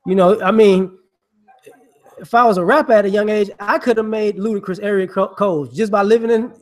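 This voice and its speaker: A man giving casual, rambling monologue commentary in slangy speech, filled with "you know" and quick acted-out voices. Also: sits high, fairly even intonation. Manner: acts out people he mocks with quick voices.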